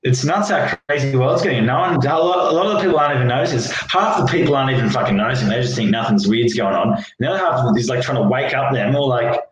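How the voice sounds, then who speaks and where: Excitable young Australian man in an echoey room. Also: mid-range voice, racing, few pauses. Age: young adult. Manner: excitable, rambling, swearing. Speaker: guest. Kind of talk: casual political chat.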